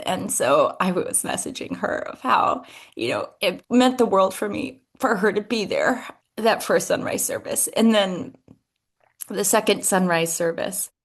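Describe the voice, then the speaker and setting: Woman, podcast host, personal monologue, hesitant, emotional, soft laughs. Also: medium pitch, creaky. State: tearful at moments.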